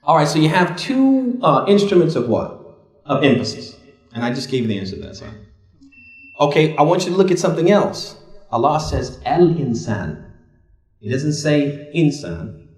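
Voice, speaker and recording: A man's voice: sing-song, moderate pace, darkish tone. A man leading a religious study workshop, asking the group questions and answering them himself, his voice climbing to press a point. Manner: asks the class questions and fills in the answers himself; rises in pitch to stress points. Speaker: Islamic teacher leading a workshop. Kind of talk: interactive classroom teaching. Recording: echoey room.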